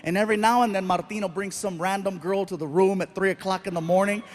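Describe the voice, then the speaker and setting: A middle-aged man works a live comedy stage, telling stories with lots of animation and jumping into other people's voices. His voice sits high for a man. A faint hiss runs underneath. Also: steady tone, fast. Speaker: stand-up comedian. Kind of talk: stand-up comedy set.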